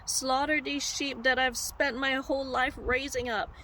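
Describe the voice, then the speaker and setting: A woman voicing a grieving male shepherd who softly and pleadingly urges his sheep to go free. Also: high-pitched, steady tone, unhurried, slight background noise. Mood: anguished.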